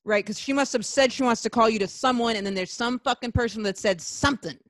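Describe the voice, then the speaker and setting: A host in casual interview chat, quick and joking, with frequent agreeing interjections. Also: medium pitch, fairly bright tone, no echo.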